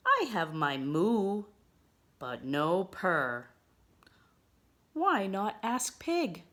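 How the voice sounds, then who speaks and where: A woman voicing a brisk farm cow who lows and answers quickly in a storybook reading. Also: wildly swooping pitch, a bit bright, heavily acted. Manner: quick, lowing.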